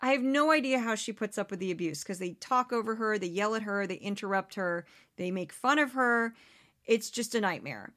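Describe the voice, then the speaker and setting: A woman hosting a political commentary podcast, talking in a sarcastic, animated way and mocking the people she quotes. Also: mid-range voice, brisk. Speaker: podcast host. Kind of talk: opinionated commentary.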